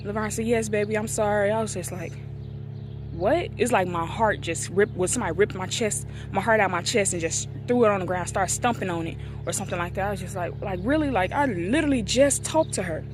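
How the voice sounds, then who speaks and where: A woman in her twenties tells a painful memory in a casual, unscripted way, recorded outdoors near a street. Her voice sits at a middle pitch. She slips into the voices of the people she quotes. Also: fairly quick, music in the background. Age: 20s. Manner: emotional, acts out quoted dialogue. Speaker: vlogger. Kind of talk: casual storytelling.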